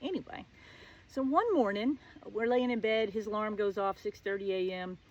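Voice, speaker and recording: A middle-aged woman hosts her own show, telling a personal story in a casual, sassy, sarcastic way. Her voice is medium-pitched and a little mellow at a normal speed, and the recording has its highs cut off.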